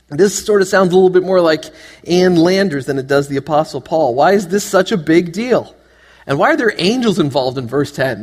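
A man preaching a sermon to his church, animated and joking, asking the congregation one question after another. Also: high voice. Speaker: pastor. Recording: long hall reverb.

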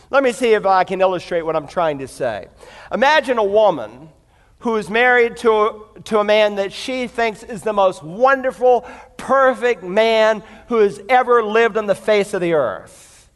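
A male pastor gives a storytelling sermon to a congregation, often addressing them directly. His voice sits high and rings clear and smooth. It carries the long reverb of a large church hall. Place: church before a live congregation.

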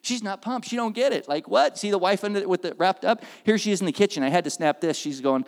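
Male preacher, fairly high voice, animated storyteller, long hall reverb. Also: quick pace, few pauses. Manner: animated, acts out quoted voices, swings from loud to hushed. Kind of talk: sermon storytelling.

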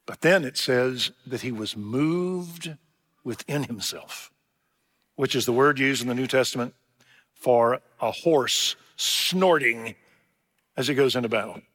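A man delivers a sermon in a middle-pitched voice, posing questions to his listeners and drawing out the words he wants to land. His voice rings with a long hall reverb. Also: fairly bright tone, husky. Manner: rhetorical questions, slows for emphasis. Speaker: pastor.

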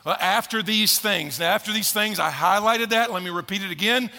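Gravelly man preaching in a hall. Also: high-pitched, bright, forceful tone. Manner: conversational preaching with emphatic slowdowns. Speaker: pastor. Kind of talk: sermon. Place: church sanctuary. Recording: echoey hall reverb.

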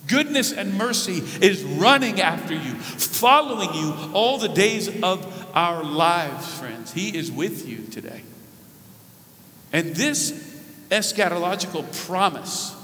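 Male pastor, high bright voice, earnest emphatic sermon delivery, recorded in a reverberant church hall. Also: expressive, slow pace. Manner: earnest, emphatic preaching with repeated restarts. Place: church sanctuary. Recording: preached in a large hall with long reverb.

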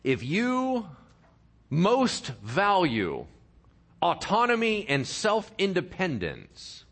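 A pastor delivers a sermon in a fairly high, lively voice that swings widely in pitch. He jokes with the congregation between passages. He reads scripture with dramatic emphasis. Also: very slow. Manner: animated, playful asides to the congregation.

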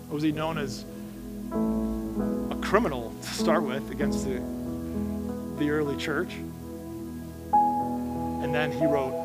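A man preaching a sermon in a church, earnest and conversational, often restarting his sentences as he roams the stage. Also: on the high side. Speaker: pastor. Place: church sanctuary.

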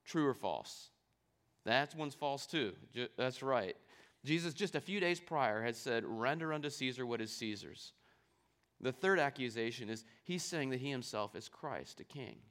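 A man's voice: medium pitch, lively intonation, moderate pace, fairly bright tone. Man preaching an explanatory sermon. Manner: explanatory, asks the audience rhetorical questions. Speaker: pastor. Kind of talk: sermon with scripture reading.

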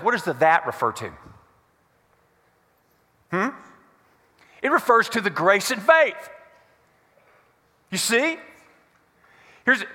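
A pastor preaching with a high, bright, ringing voice that swoops up and down. He keeps firing questions at the congregation and waiting for their answers. His voice carries through a reverberant church hall. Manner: animated, quizzes the congregation with call-and-response questions. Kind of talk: sermon.

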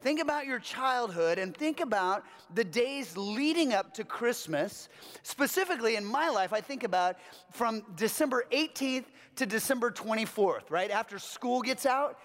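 A man's voice: very high voice, animated, unhurried, fairly bright tone. A male pastor, out of breath and laughing, opening a sermon in a friendly, conversational way. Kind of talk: sermon introduction. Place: church sanctuary. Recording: long reverb of a church hall.

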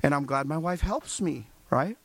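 A man's voice: fairly high pitch, animated, moderate pace, vocal fry, a bit bright, breathy edge. A male pastor preaching a sermon, asking the congregation rhetorical questions and acting out little dialogues.

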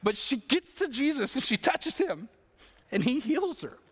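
A male pastor preaching an earnest, emotional sermon with slow, emphatic phrases. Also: very high-pitched, big pitch swings, fairly bright tone, husky, big-room sound.

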